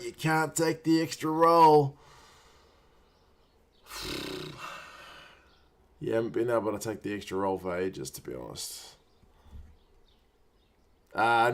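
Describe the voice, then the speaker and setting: A man's voice: lowish voice, a bit bright. Man muttering live rugby reactions. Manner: muttered reactions, urging players on. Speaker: watch-along stream host. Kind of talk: casual live match commentary.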